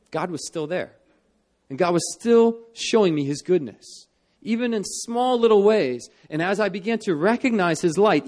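Young man preaching in church, earnest, fairly high voice that climbs on key lines and sinks low for the solemn moments. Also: darkish tone. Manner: earnest, rising for emphasis and dropping low for solemn parts. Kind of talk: sermon.

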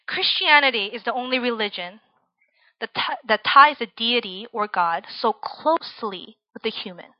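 A woman's voice: fairly high pitch, expressive, normal speed, dry recording, highs cut off. A young woman from Virginia giving a casual, chatty sermon to students, often tagging her points with "right?". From Virginia, USA. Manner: chatty, tags lines with "right?" and "like". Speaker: preacher.

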